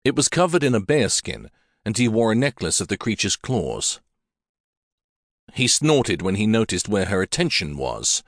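A male audiobook narrator with a low, steady voice, reading a historical romance in a measured storytelling manner. The recording is close and dry, with no room sound. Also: no echo.

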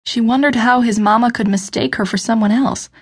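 A woman narrating an unabridged novel audiobook in a steady, measured storytelling voice. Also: fairly high pitch, breathy edge. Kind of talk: scripted narration.

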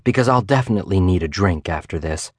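A dry, joking teenage boy, as a man narrating an audiobook puts him on. He mutters his jokes with a wry edge. The voice is low and close, with no room sound around it. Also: animated, fast talker, no echo.

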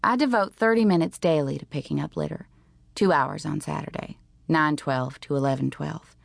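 A woman reads a teen novel aloud in the first person, with a low, gravelly voice. Her delivery is dry and deliberate with a wry edge, and the recording is close and dry with no room sound. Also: no echo. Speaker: audiobook narrator.

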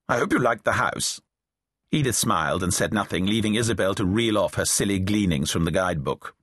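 A man's voice: lowish voice, fairly bright tone, husky, no room sound. A middle-aged man reading a novel aloud, with dry, wry storytelling. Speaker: audiobook narrator. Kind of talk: reading a novel aloud, voicing characters lightly. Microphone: close studio mic, dry booth.

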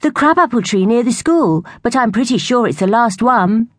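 Mujer haciendo de musaraña joven apurada. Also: female voice, animated, dry recording, studio quality. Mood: flustered. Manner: high, hurried calling out. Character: flustered young male shrew.

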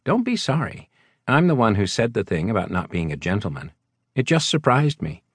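A man doing a soft, eager young woman. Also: fairly low pitch, big pitch swings, normal speed, husky, dry recording, clean studio sound. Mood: reassuring.

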